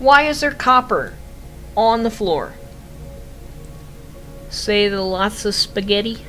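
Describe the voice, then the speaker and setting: A young woman, a game streamer, chats casually over her gameplay in a mid-range, bright, forceful voice with lively intonation and a slow pace. She laughs often, amused and incredulous at something she built long ago. Faint music plays behind her on a low-quality recording.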